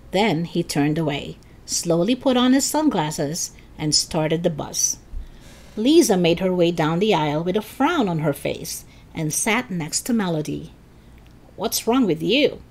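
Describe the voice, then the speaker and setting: Animated woman reading a children's book. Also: lowish voice, measured pace. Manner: expressive, animated narration. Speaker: storyteller. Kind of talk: children's book read aloud.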